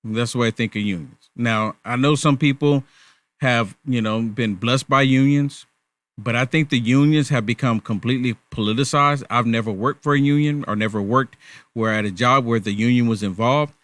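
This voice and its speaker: A man's voice: medium pitch, normal speed, a bit bright, no room sound. Sarcastic male host asking rhetorical questions. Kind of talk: political commentary.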